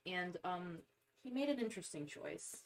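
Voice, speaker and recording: A woman's voice: lowish voice, expressive, normal speed. A woman chatting casually, asking questions as she goes. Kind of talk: casual chat.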